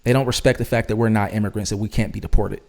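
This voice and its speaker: A man's voice: on the low side, fairly even intonation, racing, vocal fry, darkish tone. A man hosting a commentary channel, reacting to clips in an emphatic, argumentative, lecturing way.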